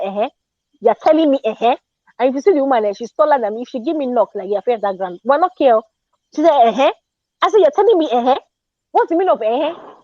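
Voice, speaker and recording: A Nigerian woman with a fairly high voice tells a story in an indignant, animated way and drops into Pidgin now and then. The sound is dry and close but dull and lo-fi, like a live audio chat room. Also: no echo. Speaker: Twitter Space speaker. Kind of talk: casual storytelling rant.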